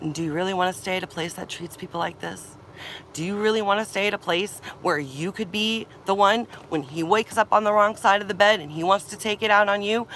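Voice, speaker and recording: A young woman rants into her camera, upset and close to tears, swearing and circling back to the same complaints. Her voice is bright and edgy, with a faint outdoor hum behind her. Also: mid-range voice, brisk. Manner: upset, ranting, swearing, repeating herself. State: tearful and agitated. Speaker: vlogger. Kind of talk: emotional venting vlog. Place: camper van or campsite.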